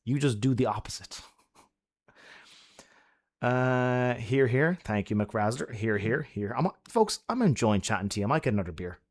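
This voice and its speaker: A man's voice: medium pitch, normal speed, long pauses. Man, live stream, casual chat, laughs a lot, swears, friendly advice. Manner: chatty, laughs often, swears freely; loud, friendly advice-giving.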